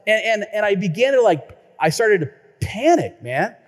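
Male pastor, high voice, lively storyteller, sermon with long hall reverb. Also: moderate pace. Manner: lively storytelling, repeats words when excited.

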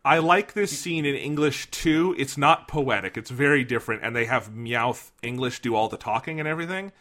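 A man chatting casually about a film, animated, laughing often and quoting lines in playful voices. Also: medium pitch, moderate pace. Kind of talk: casual chat, film discussion.

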